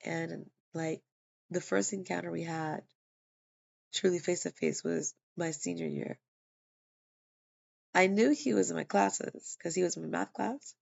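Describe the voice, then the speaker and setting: A woman vlogger, tired and yawning, recounts a personal testimony in a loose, rambling style full of fillers and restarts. Her fairly low, creaky voice is a little mellow and a little slow, and she pauses often, on a dull lo-fi recording.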